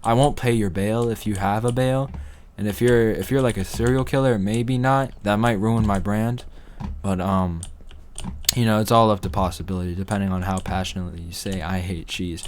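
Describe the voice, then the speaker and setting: A young man with a somewhat low voice rambles through casual gameplay commentary, tossing off absurd deadpan jokes. Faint keyboard clicks tick away behind him as he plays at his computer. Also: normal speed, a little hiss or hum. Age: young adult. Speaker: gaming commentator.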